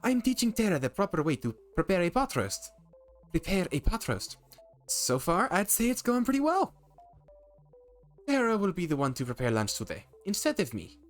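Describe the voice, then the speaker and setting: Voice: medium pitch, sing-song, normal speed, voice pushed up, lightly acted. Streamer voicing a posh cook with a bad put-on french accent, swoopy and showy. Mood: grandly instructive.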